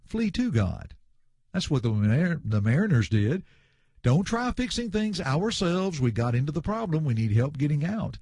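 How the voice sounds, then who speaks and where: Lively, higher-voiced man preaching. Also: normal speed, breathy edge, dry recording, clean studio sound. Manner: animated, emphatic, repeats refrains; addresses listeners as friends. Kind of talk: expository sermon on scripture.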